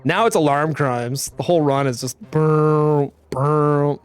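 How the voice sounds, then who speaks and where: A man's voice: on the high side, takes it slowly, smooth. A man streaming, chatting casually as he reacts to his own run, laid-back, swearing and laughing often. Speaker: game streamer.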